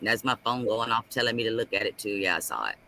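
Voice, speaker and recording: A man talking on a casual live stream, animated and ranting, repeating himself as he makes his point. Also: fairly low pitch, fast talker, gravelly, slight background noise, poor audio.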